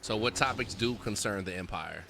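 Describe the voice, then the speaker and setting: A man's voice: lowish voice, normal speed, gravelly, over music. A man hosting a gaming stream, asking playful questions in a laid-back, slangy way. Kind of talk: casual live-stream chat.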